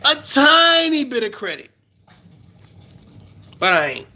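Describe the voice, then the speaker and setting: A middle-aged man from the Bronx with a New York accent, ranting profanely on a live stream and swinging between low mutters and loud outbursts. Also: big pitch swings, slow.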